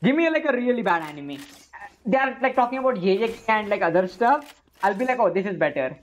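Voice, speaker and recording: A young woman streamer chats casually with her viewers while she plays. Her voice sits a little high and swings widely in pitch. She gets excitable and swears freely at the game. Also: fast, highs cut off. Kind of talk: casual live-stream chat while gaming.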